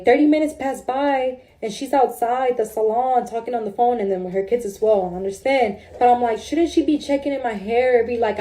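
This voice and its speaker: A woman's voice: on the high side, mellow. A woman casually telling a story about a salon visit, emotional and informal, calling listeners "bro". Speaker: salon client. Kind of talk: storytime recounting.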